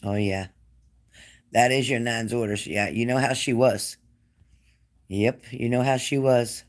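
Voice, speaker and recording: A man giving a spirit-medium reading to a client, gentle and coaxing, repeating his phrases. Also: mid-range voice, fairly even intonation, unhurried. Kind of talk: reassuring psychic reading to a client.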